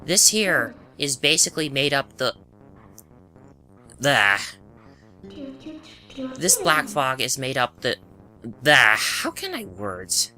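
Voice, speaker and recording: A man's voice: medium pitch, huge pitch swings, slow pace, pauses often, sharp tone. A man giving casual, chatty commentary over a game walkthrough, correcting himself often and adding wry asides. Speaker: gameplay commentator. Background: game music.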